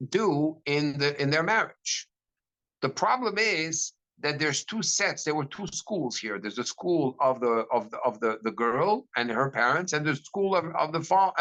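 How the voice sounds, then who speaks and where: A middle-aged man, a rabbi, giving a lecture to a class in an animated storytelling way, with frequent restarts. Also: fairly high pitch, low-quality recording.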